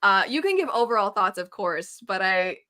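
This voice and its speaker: A woman's voice: medium pitch, sing-song, moderate pace, sharp tone. A woman co-hosting a casual spoiler chat, chatty and laughing often as she recounts her reactions. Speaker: podcast co-host.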